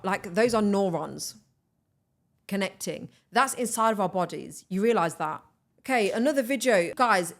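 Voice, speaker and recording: A young woman hosting a podcast, chatting in an animated, enthusiastic way and urging her listeners on. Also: lowish voice. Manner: animated, enthusiastic, talks straight to listeners as "guys". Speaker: podcast host. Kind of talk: casual motivational chat.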